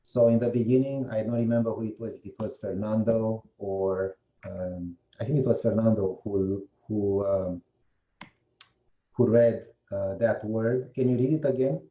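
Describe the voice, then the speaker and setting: A man with a low, very dark and mellow voice gives a presentation at a meetup. He walks through his slides and turns to the audience with questions as he goes. The sound has a roomy echo, as if picked up in a meeting room. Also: steady tone, moderate pace. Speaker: guest presenter.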